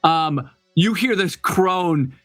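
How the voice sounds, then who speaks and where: A man's voice: fairly high pitch, expressive, slow, a bit bright, no echo, faint music behind. A man running a tabletop game as game master, describing scenes with many fillers and restarts.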